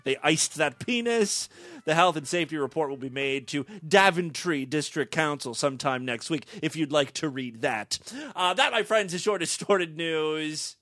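A man's voice: fairly high pitch, animated, normal speed, fairly bright tone, dry recording, clean studio sound. A man hosting a show, reading strange news stories with irreverent jokey asides and frequent stumbles over words. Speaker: podcast host reading odd news.

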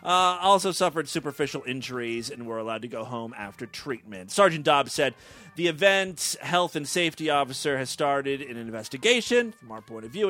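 Man, news-reading host, irreverent, jokey, stumbling over words, highish voice. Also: sharp tone.

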